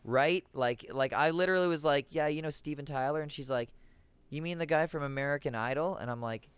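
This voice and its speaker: Young guy on a podcast, smooth clear voice, animated storyteller. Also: on the high side, fairly quick. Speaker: podcast guest, musician. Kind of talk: casual podcast chat.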